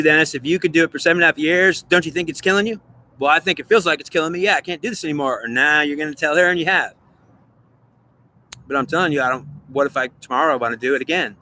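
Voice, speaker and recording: With slight background noise behind him, a male vlogger takes both sides of an earnest, repetitive self-argument while speaking alone to the camera. He has a sharp tone and a fairly high voice.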